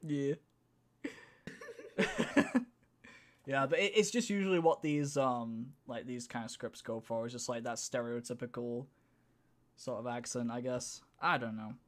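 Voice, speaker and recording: A man's voice: mid-range voice, animated, slow pace, pauses often. A man from northern England with a northern accent, casually reading a script aloud on a stream and laughing as he comments on it. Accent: Northern English. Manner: giggly, reads lines then riffs on them.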